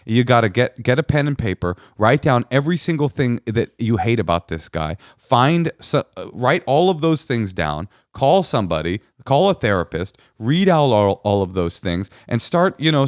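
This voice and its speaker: A man's voice: medium pitch, no echo. Blunt, dry-sounding male podcast host. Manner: blunt, profane and impassioned. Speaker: podcast host giving advice. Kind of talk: casual advice chat.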